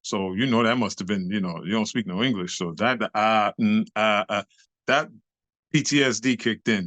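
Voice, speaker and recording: An older man, an interview guest and nightclub dancer, telling a lively story full of slang and cursing. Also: on the low side, normal speed, no echo. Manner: lively, acts out other voices, street slang and cursing.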